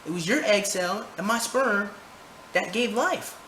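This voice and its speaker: A man's voice: high-pitched, a little slow, bright, forceful tone. A man ranting his opinions to camera, heated, profane and rambling, recorded indoors. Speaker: vlogger. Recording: roomy echo, faint background noise.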